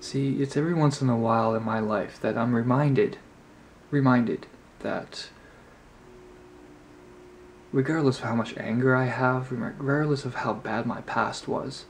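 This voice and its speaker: A man tells a story straight to his camera in an easygoing, rambling way, leaning on filler words as he goes. His voice sits at a middling pitch with a gravelly, fry-edged texture. A faint background noise hums under the recording. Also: fairly even intonation, unhurried. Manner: rambling, heavy on "you know" fillers. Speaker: vlogger.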